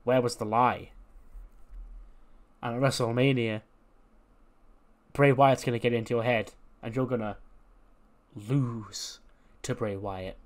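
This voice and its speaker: A man's voice: mid-range voice, fairly even intonation, takes it slowly, pauses often. A man casually commenting on a wrestling booking game, playful and chatty, acting out the scenes. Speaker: gaming video host.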